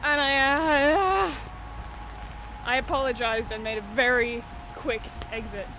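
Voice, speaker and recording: A woman's voice: high-pitched, fairly even intonation, slow, background noise. A woman vlogging as she explores an overgrown cemetery outdoors in the rain, chatty and exclamatory, talking straight to her viewers. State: out of breath while walking. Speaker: cryptid-hunting vlogger. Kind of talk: casual vlog commentary while exploring.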